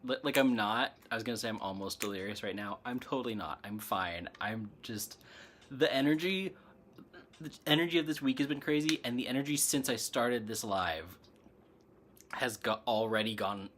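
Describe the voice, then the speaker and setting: A hiccuping host of a spiritual livestream talks in a loose, rambling way and keeps breaking into giggles. The voice sits at a middling pitch, and a faint hiss runs under the talk. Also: moderate pace, a bit bright. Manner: giggly, rambling, laughs often. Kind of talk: casual livestream chat.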